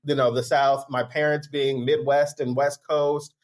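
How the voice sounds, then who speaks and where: A man's voice: mid-range voice, level tone, a little slow. A man who is a guest author on a podcast, talking things through casually with lots of "like" and "right?". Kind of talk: casual chat.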